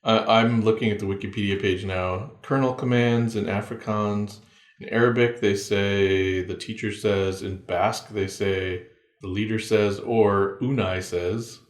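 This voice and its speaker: A man's voice: on the low side, fairly even intonation, unhurried. A man co-hosting a podcast in casual chat, laid-back and musing aloud. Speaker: podcast co-host. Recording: roomy echo.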